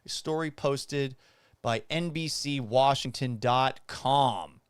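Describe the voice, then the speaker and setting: A man in his thirties hosting a casual sports talk show, animated and blunt, often swearing. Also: medium pitch, slow pace, clear, resonant tone, dry recording, clean studio sound. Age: 30s.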